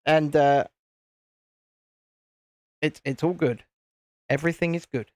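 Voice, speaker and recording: A British man with a fairly high voice hosts a live stream from his home setup of lights and cameras, chatting and rambling at an unhurried pace with long pauses while he builds at his desk and reads viewer comments aloud. His desk mic gives clean, studio-quality sound with no room echo.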